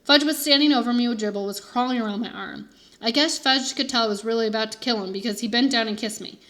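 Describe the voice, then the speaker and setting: A woman teacher reads a children's chapter book aloud to her class. Her narration is expressive and animated, her voice somewhat high. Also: fast talker. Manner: expressive first-person narration. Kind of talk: storybook read-aloud for children.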